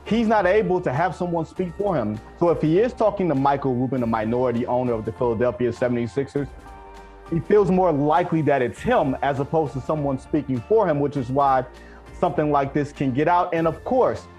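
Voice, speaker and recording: A man's voice: on the high side, fairly quick, a little mellow, faint music behind. A man making emphatic points as a sports analyst on a debate show.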